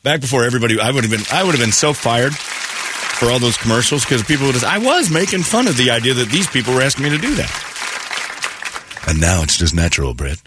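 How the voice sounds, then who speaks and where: A man's voice: mid-range voice, big pitch swings, brisk, a crowd in the background, noisy background. A man hosting a morning radio show, telling rambling, jokey stories in casual chat. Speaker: radio host.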